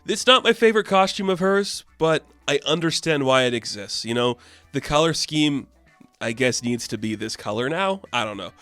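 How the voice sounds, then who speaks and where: A man's voice: mid-range voice, lively intonation, moderate pace, fairly bright tone, dry recording, faint music behind. A man casually reviewing a comic book with enthusiasm, talking in a loose, filler-heavy way.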